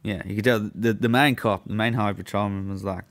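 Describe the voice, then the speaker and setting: A man's voice: lowish voice, steady tone, brisk. A young man telling a story in casual chat, laid-back, swearing freely and laughing as he goes.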